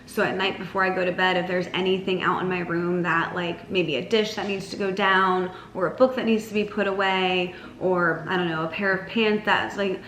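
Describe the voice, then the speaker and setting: A woman's voice: fairly even intonation, moderate pace, few pauses, a bit bright. A young adult woman giving casual lifestyle advice to camera, chatty and full of "like", sometimes mocking herself playfully. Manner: chatty, lots of "like", mocks herself in a whiny high voice. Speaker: lifestyle vlogger. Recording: roomy echo with faint music.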